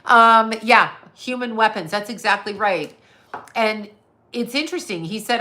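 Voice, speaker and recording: Woman from Canada, middle-aged, bright clear voice, casual rambling livestream chat, swears, laughs, answers the chat. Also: medium pitch, normal speed. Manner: rambling, tangential, swears freely, laughs often, reads chat comments aloud. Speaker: psychic medium and livestream host.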